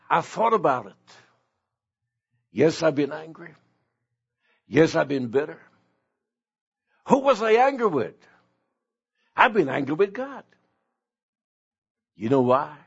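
An older male pastor preaching a sermon slowly and emotionally, dropping to soft tones for stress. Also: medium pitch, gravelly, slightly rough. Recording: dull lo-fi recording.

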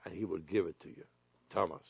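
A man's voice: low voice, a little fast, vocal fry, slightly rough, no echo, dull audio. A man preaching a sermon as pastor, rising at times to commanding calls.

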